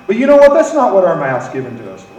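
High-voiced preaching man in echoey church. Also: wildly swooping pitch, fast, darkish tone, highs cut off. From United States. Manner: preaching, calls congregation to repeat phrases. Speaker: pastor. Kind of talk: sermon. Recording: echoey room, mic from far off.

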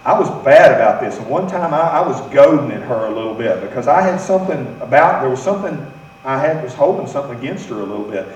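A man's voice: mid-range voice, lively intonation, fast talker, darkish tone, lo-fi sound, slight background noise. An American man preaching a sermon as pastor, having the congregation repeat phrases after him. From United States. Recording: echoey room, mic from far off.

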